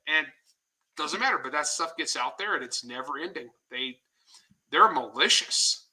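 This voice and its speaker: A man, a guest author in a casual interview, telling stories in a blunt, animated way with some swearing. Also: fairly high pitch, normal speed, low-quality recording.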